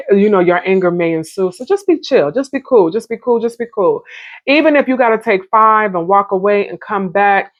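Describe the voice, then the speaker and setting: A woman's voice: medium pitch, dry recording. A woman giving a casual tarot reading, chatty and addressing her viewers directly with slang. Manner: chatty, warm-hearted, talks straight to viewers with Southern American slang. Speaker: tarot reader.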